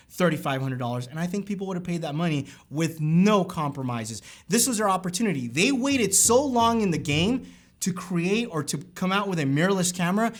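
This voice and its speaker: A young adult man hosting a camera review vlog, giving his opinion in an emphatic, conversational rant aimed straight at his viewers. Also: on the high side.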